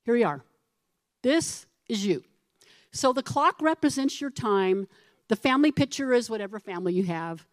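Here the recording is dry, and her voice is a little high at a moderate pace. She's a middle-aged woman pastor giving an animated, conversational sermon, questioning the congregation and playing the parts of people from her anecdotes.

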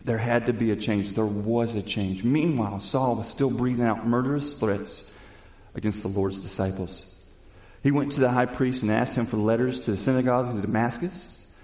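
A man delivers a sermon in a warm, mellow voice with middling pitch, recorded in a roomy space with noticeable echo. He mixes Bible reading with loose, conversational retelling and builds to emphatic questions. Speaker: preacher. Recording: echoey room.

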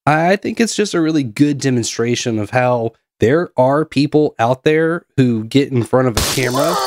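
A man's voice: medium pitch, no room sound, studio quality. A man hosting a casual podcast, reading out chat messages and joking around. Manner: laughs often, loose and joking. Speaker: podcast host.

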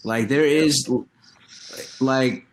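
A man chatting casually with friends, his pitch right in the middle. He tells food stories with an easy flow and slips into voices for the people he quotes. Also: drawn-out words, a crowd in the background. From New York. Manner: storytelling, acts out people he quotes. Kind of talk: casual group chat.

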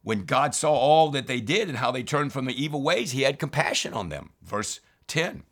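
A man's voice: medium pitch, lively intonation, normal speed, a bit bright. A man reading scripture aloud and explaining it in a devotional Bible teaching, reading verses and then reflecting on them. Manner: reads verses then explains them, often saying "remember".

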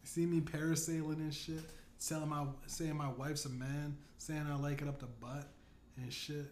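A man's voice: on the high side, level tone, moderate pace, darkish tone. Rambling, profane comedy podcast man. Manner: rambling, profane, laughing at own jokes. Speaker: podcast host. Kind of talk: stand-up style comedy monologue. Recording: echoey room, faint noise.

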